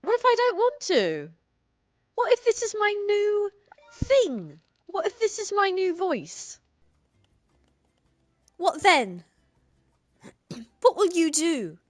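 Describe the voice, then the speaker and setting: A young woman plays a hammy put-on British voice, theatrical and mock-indignant. She pitches up and lets the lines swoop. The sound is dry and close, with no room around it. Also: huge pitch swings, takes it slowly, long pauses, no room sound, exaggerated voice. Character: woman putting on a playful fake British voice.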